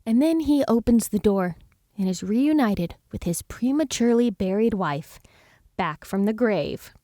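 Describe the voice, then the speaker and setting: A woman's voice: mid-range voice, expressive, a little slow, dark tone, dry recording, clean studio sound. Giggly woman telling a spooky tale. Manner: giggly, playful storyteller. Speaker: podcast co-host. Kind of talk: storytelling history podcast banter.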